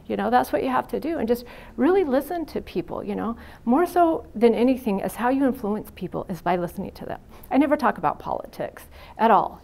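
A woman's voice: mid-range voice, a little mellow. A middle-aged woman who is a psychiatric nurse gives a frank, chatty university lecture full of anecdotes and "you know" fillers. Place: university classroom.

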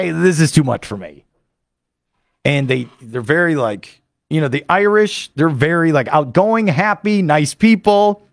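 A man hosting a sports radio show, telling a rambling, excitable story full of fillers into a studio microphone. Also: sits high, no echo. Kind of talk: animated monologue recapping a trip.

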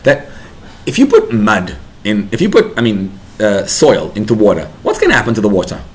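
Rabbi guy teaching parents, lowish voice, gets real emphatic, bit of hiss behind. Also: normal speed. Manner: animated, builds to emphatic bursts. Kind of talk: Torah class for parents.

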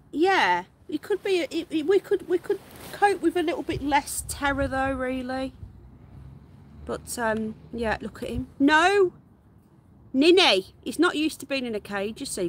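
A woman's voice: a little high, slight background noise. A woman hosting a live stream from her garden, chatting casually, greeting viewers by name and calling out to her pets. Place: garden outdoors.

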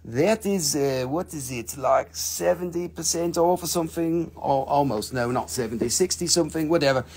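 A man's voice: on the high side, moderate pace, darkish tone, slightly rough. A man hosting a live stream and selling gemstones, joking and cursing in loose, broken grammar as he talks into his phone. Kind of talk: casual live-stream sales pitch.

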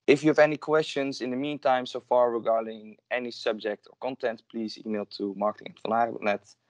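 A man's voice: medium pitch, fairly even intonation, brisk, no echo. A man hosting and introducing a webinar, speaking hesitantly with frequent fillers. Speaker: webinar host.

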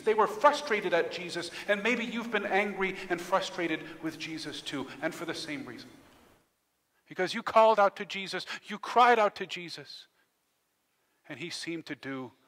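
Impassioned high-voiced pastor in reverberant church. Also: male voice, animated, moderate pace. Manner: impassioned, swinging between hushed and loud delivery. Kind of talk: sermon. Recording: long church-hall reverb.

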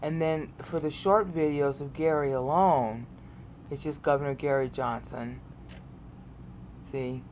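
Deep-ish woman rambling on a screen share, lots of "okay?", bit of background hiss. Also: normal speed, darkish tone. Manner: rambling, repeats words, frequent "okay?" check-ins. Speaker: channel host walking through online resources. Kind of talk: casual screen-share walkthrough.

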